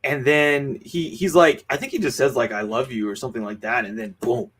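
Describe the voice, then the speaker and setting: In a casual film review podcast, a male co-host recaps movie scenes, his chat crowded with fillers and restarts. His mid-range voice is steady, brisk, fairly bright, and slightly rough.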